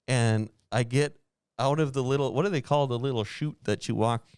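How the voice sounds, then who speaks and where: A man hosting a podcast, telling a travel story in a lively way, acting out what others said and laughing often. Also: mid-range voice, normal speed, clear, resonant tone, no echo, clean studio sound. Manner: animated, acts out quoted voices, laughs often. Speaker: podcast host. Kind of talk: casual storytelling.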